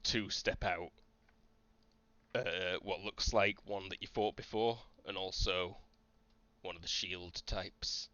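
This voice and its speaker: A man's voice: low-pitched, fairly even intonation, slow, bright, forceful tone, dull audio. A man acting as game master of a tabletop game, explaining rules casually. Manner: casual, rules-focused, swears.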